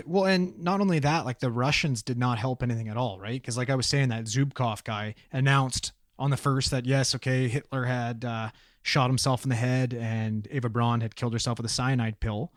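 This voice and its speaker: A man's voice: mid-range voice, fairly even intonation, moderate pace, no room sound, clean studio sound. A man co-hosting a casual podcast chat, talking bluntly and swearing freely. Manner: blunt and heavily profane. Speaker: podcast co-host.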